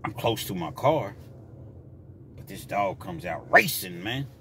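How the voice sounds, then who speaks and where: A man's voice: on the low side, a little slow, a little hiss or hum. A man telling a personal story casually, acting out scenes as he goes. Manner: animated, acts out scenes.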